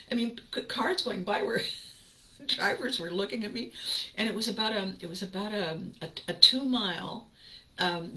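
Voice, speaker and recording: A woman's voice: mid-range voice, bright, forceful tone, low-quality recording. A woman hosting her own show, telling a personal story casually and animatedly, laughing often and acting out her reactions. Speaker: podcast host.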